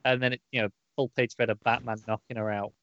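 A man's voice: medium pitch, flat delivery, fast talker, fairly bright tone. A man casually recapping a comic book issue on a podcast, rambling with lots of fillers and restarts. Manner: rambling, many fillers, acts out quoted lines. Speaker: podcast co-host. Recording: dull, dry, lo-fi audio.

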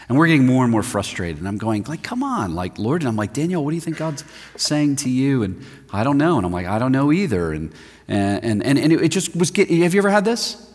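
A man preaching a sermon, telling stories with sudden swings from loud emphasis to a hushed, near-whispered voice. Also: mid-range voice, husky. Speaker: pastor. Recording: long reverb of a large hall.

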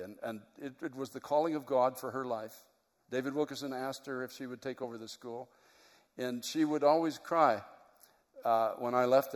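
A middle-aged man preaching a sermon as a pastor, telling a story in an earnest, emotional way. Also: medium pitch. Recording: long hall reverb.

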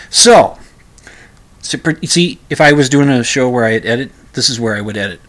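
A man's voice: mid-range voice, quick pace, a bit bright. A man hosting his own show, chatting casually and rambling about music with fumbling restarts and self-mocking asides. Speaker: show host.

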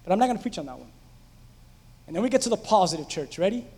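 High-voiced man preaching in a reverberant hall. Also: quick pace. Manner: animated storytelling, asks the congregation questions. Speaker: pastor. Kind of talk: conversational sermon.

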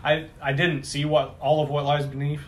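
A man co-hosting a casual podcast, a little tipsy, talking haltingly with restarts, recorded on a phone. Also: a little high, level tone, a little hiss or hum. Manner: halting, many restarts and fillers. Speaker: podcast co-host. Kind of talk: casual chat.

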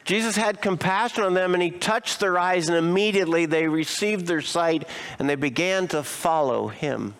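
High-voiced, smooth-toned male pastor preaching. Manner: expressive preaching with rhetorical questions and dramatic slowing. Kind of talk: sermon.

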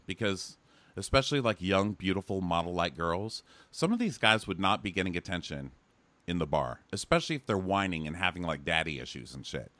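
A man's voice: low-pitched, fairly bright tone, no echo. A man co-hosting a podcast, casually recapping a reality show in a sarcastic, profane way. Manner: sarcastic, swears freely. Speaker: podcast co-host.

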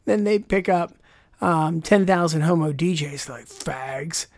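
A woman talking casually on a podcast, with a slightly low voice. She rambles and wanders through her points, with lots of asides and filler words. The sound is dry and close, with no room around it. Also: a little slow, darkish tone, dry recording. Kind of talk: casual chat.

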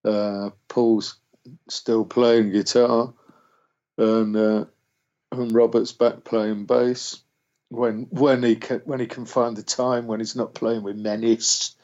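A man's voice: medium pitch, flat delivery, slow pace, darkish tone. A man, a musician guest casually telling a rambling story, swearing freely and acting out what people said. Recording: dull lo-fi sound.

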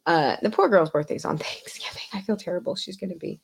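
This podcast guest speaks quickly in a fairly low, gravelly voice with a breathy edge. Her casual chat wanders all over, peppered with profanity and frequent laughter.

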